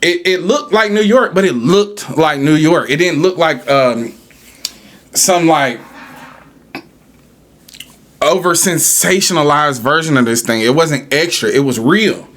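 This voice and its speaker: A man's voice: fairly high pitch, measured pace, long pauses, fairly bright tone. A man hosting a podcast, ranting in a casual, profane, argumentative way. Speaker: podcast host.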